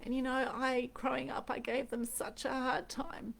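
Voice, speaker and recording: A woman's voice: sits high, level tone, normal speed, gravelly, fairly bright tone. Earnest Australian woman live-streaming. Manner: earnest, reflective, repeats phrases for emphasis. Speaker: host. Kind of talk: unscripted Facebook Live chat.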